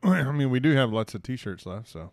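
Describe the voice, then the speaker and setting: A man co-hosting a casual podcast, easygoing and quick to laugh. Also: mid-range voice, expressive, a little mellow, no room sound, clean studio sound. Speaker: podcast co-host. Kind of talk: casual chat.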